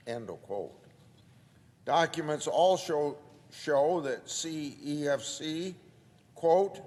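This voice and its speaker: Measured male senator with a slightly high voice, reading quotes into the record in a reverberant chamber. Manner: deliberate, reads out quoted documents. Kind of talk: formal floor speech.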